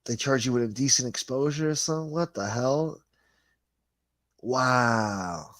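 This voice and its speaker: A man's voice: medium pitch, a little slow, fairly bright tone, no echo. Laid-back man chatting on a stream. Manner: laid-back, rambling, swears freely. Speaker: livestream host. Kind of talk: casual chat, reading viewer comments aloud.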